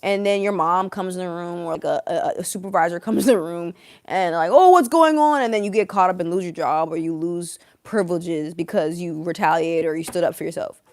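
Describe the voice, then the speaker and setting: A woman's voice: lowish voice, fairly even intonation, brisk, dry recording. A woman doing a live-streamed tarot reading, sarcastic and blunt, swearing freely and laughing often. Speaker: tarot reader.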